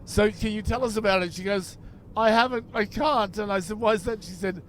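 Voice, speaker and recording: A man's voice: high voice, fairly even intonation, fast talker, slight background noise. Australian man, dry storyteller in a car. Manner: dry anecdotal storytelling, acts out quoted voices. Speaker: podcast co-host. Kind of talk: casual chat. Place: inside a moving car.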